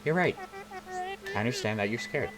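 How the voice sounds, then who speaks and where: A man's voice: medium pitch, lively intonation, normal speed, natural voice. A man reading the lines of an anxious but determined young woman climber in a game, in his own earnest voice.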